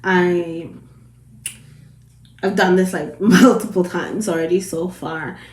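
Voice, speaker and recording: A woman's voice: fairly low pitch, fairly even intonation, slow pace. Chatty Jamaican woman, echoey room. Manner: chatty, rambling, repeats herself. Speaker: vlogger. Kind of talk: casual commentary to camera. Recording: roomy echo.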